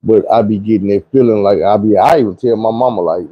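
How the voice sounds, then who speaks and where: A man's voice: lowish voice, quick pace, slightly rough, no room sound, lo-fi sound. A young man telling a profane, vivid personal story in a casual monologue. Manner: vivid, profane retelling with shouted quotes.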